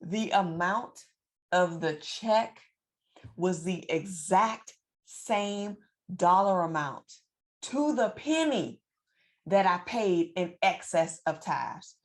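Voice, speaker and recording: Animated woman telling a story to camera. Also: on the low side, slow pace. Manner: animated, repeats phrases for emphasis, preacherly. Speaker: financial coach and vlogger.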